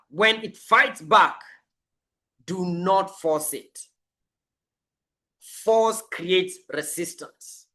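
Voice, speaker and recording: A life coach speaks slowly and deliberately, with a bright, forceful tone. The talk is motivational and emphatic, driving each affirmation home through repetition. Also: medium pitch.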